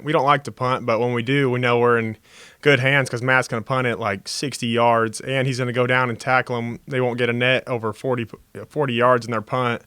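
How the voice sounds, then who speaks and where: Young man, college defensive player, earnest press-conference answers, crisp clean voice, dry close sound. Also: mid-range voice, no room sound. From Texas. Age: young adult. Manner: steady, earnest, with frequent uh fillers.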